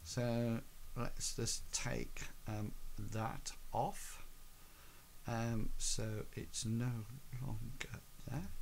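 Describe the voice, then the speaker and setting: A man running a tabletop game as game master, narrating slowly and haltingly with many pauses and fillers. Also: mid-range voice, fairly bright tone. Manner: halting, many ums and hedges.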